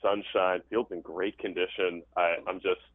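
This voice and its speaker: A man's voice: low-pitched, flat delivery, normal speed, no echo. A man who works as a baseball play-by-play broadcaster, speaking easygoing and upbeat in a casual interview from a stadium press box. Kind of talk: casual interview over the phone. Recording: tinny phone line.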